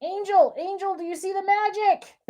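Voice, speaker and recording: A middle-aged American woman hosting a live crafting demo, bubbly and excitable, laughing often and chatting with viewers. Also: very high voice, normal speed. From United States. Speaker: craft livestream host.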